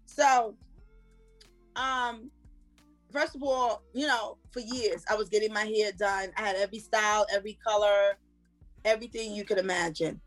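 A woman guest on a podcast, telling personal stories in an animated, casual way. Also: medium pitch, normal speed, faint music behind. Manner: animated, laughing, storytelling. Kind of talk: casual storytelling.

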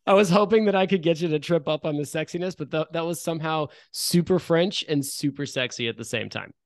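A man's voice: on the high side, fairly quick, dry recording, clean studio sound. Upbeat jokey podcast host, man. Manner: upbeat, jokey and self-deprecating. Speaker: podcast host and game master. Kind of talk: casual podcast chat and ad reads.

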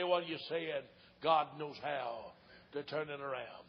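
Older southern preacher man from east tennessee, high husky voice, folksy stories, hollers sometimes, dull echoey church tape. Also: unhurried. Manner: folksy storytelling, swelling to shouts. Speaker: evangelist. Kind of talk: old-time revival sermon. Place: church sanctuary. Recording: dull lo-fi church recording with long reverb.

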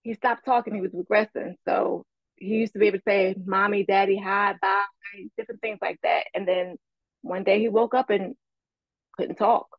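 Hoarse froggy-voiced woman co-hosting, plain talk, kinda dull dry audio. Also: medium pitch, fairly even intonation, normal speed, no echo. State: hoarse from illness. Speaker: podcast co-host. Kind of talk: casual podcast chat.

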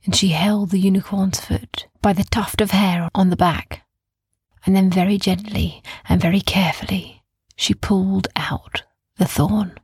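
A woman narrating a bedtime story in a soft, calm, gentle way, often sinking into a whisper, in a dry, close recording. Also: medium pitch, breathy edge, dry recording. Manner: slow, calm, gentle, repeating soothing phrases.

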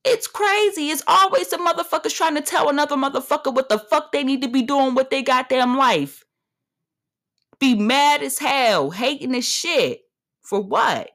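A woman's voice: sits high, normal speed, a bit bright. A woman in her thirties hosting a solo podcast, talking in a brash, profane, swaggering way. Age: 30s. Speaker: podcast host.

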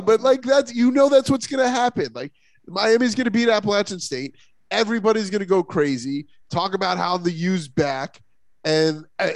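A man co-hosting a casual sports talk podcast, rambling and animated with lots of fillers and restarts. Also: high voice, no echo. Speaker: podcast co-host.

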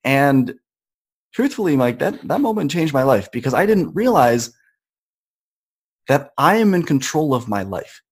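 A man's voice: on the high side, big pitch swings, normal speed, slightly rough. Earnest young man telling a story. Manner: earnest, conversational, acts out quoted voices. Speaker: podcast guest. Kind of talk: personal storytelling in conversation.

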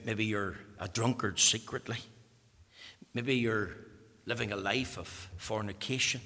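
A man preaching a fervent sermon, swinging between loud declarations and hushed whispers. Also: medium pitch, husky, big-room sound.

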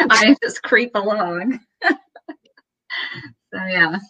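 A woman's voice: medium pitch, animated, sharp tone, dull audio. A woman co-hosting a podcast in casual chat, joking and laughing as she riffs. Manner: jokey, puts on quick silly voices, laughs often. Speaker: podcast co-host.

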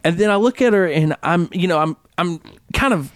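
A man's voice: high-pitched, lively intonation, a little fast, dry recording, studio quality. A young man co-hosting a podcast, telling a story in casual chat and acting out the voices of the people in it. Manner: laughing, acts out quoted voices. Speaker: podcast co-host.

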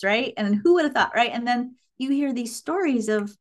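A woman guest on a podcast interview, telling stories in an animated way, laughing and quoting herself. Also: on the high side, normal speed, hardly any pauses. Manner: animated storytelling with laughs and quoted asides. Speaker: guest, human design teacher.

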